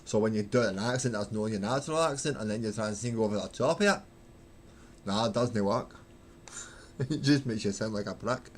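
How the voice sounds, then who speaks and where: A man's voice: lowish voice, brisk, a little hiss or hum. A man from Manchester chatting casually with his livestream viewers while painting miniatures, joking, swearing freely and laughing at himself. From Manchester, England.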